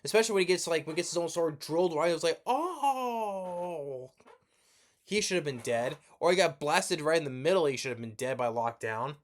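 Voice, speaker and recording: A man's voice: on the high side, quick pace, hardly any pauses. A man giving a rambling, profane movie review rant, sleepy and yawning as he talks, with lots of restarts.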